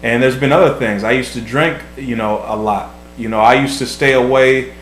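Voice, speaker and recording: A man's voice: mid-range voice, fairly even intonation, moderate pace, fairly bright tone. Earnest man in an echoey room. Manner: earnest, repeats words while thinking. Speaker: vlog host, husband. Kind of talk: casual advice talk. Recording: echoey room, faint hum.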